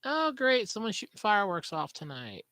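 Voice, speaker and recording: Woman, podcast host, chatty, sarcastic, lively swooping pitch, dry close sound. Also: moderate pace, no room sound, low-quality recording. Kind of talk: casual solo storytelling.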